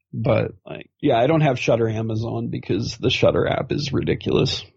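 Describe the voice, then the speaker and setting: A man's voice: medium pitch, gravelly, a little mellow, slightly rough. A man co-hosting a casual film podcast, rambling and self-deprecating. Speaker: podcast co-host. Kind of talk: casual chat. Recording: dull lo-fi sound.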